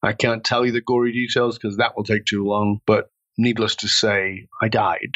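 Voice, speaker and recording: A man's voice: fairly low pitch, flat delivery, moderate pace, fairly bright tone, no echo, highs cut off. A man telling a personal story with intense, dramatic delivery as an interview guest.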